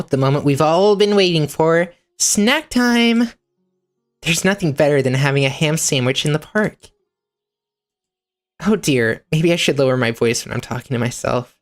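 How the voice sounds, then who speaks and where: A woman voicing a sweet, cheerful young village girl in a game, speaking brightly and chirpily. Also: sits low, expressive, measured pace, pitched above the performer's own voice.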